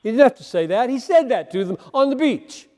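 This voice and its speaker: A male preacher giving an impassioned, emphatic sermon, swinging between loud emphasis and quiet asides. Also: very high voice, very animated, a little fast, big-room sound.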